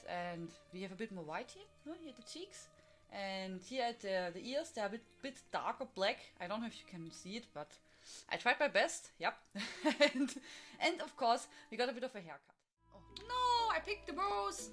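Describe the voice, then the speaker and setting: A young woman streaming a game, giggling and squealing excitably as she chats. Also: medium pitch. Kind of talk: casual gameplay commentary.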